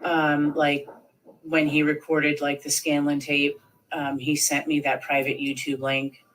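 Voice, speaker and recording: A woman in her thirties, voice low, monotone and a bit bright, recounts events unhurriedly in an interview. The rough recording carries a little hiss or hum, and her story rambles with many fillers as she imitates the people she quotes.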